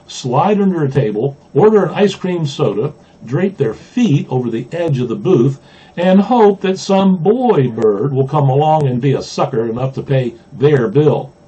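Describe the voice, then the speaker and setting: A man from Mississippi, a pastor, reading a children's storybook aloud with gentle humor, in a dull lo-fi recording. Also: medium pitch, slightly rough. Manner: gently humorous, chuckling at the jokes.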